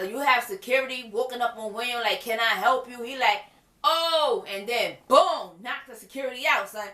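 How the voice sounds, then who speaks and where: A woman recapping a TV episode in casual chat, animated and exclaiming, with laughs between her remarks. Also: fairly high pitch, roomy sound. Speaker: TV episode reviewer.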